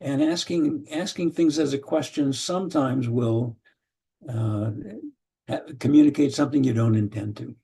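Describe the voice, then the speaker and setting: An older man giving an online training lecture, explaining slowly and carefully with frequent fillers and restarts. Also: medium pitch, warm tone, husky.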